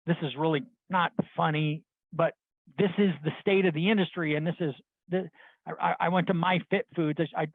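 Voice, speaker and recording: A man's voice: a little high, no echo. A middle-aged man and sales leader giving a blunt, rambling motivational talk to his team, often restarting his sentences. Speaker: sales leader addressing his loan officers. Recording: dry, tinny phone-like sound.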